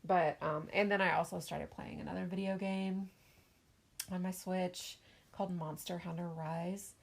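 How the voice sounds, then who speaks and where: Gravelly-voiced middle-aged woman chatting. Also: lowish voice, fairly even intonation, a little slow. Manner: chatty, laughs often, self-mocking. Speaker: podcast co-host, mother. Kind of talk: casual chat.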